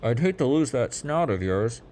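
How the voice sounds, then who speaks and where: A man voicing a mocking fisherman crewman who shouts taunts from a boat. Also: mid-range voice, animated, normal speed, slight background noise, pitched above the performer's own voice, natural voice.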